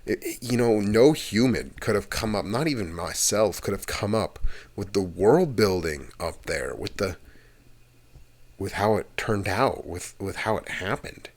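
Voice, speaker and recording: A man's voice: on the low side, animated, unhurried. A young man hosting an ASMR channel, rambling through a casual chatty monologue with some swearing.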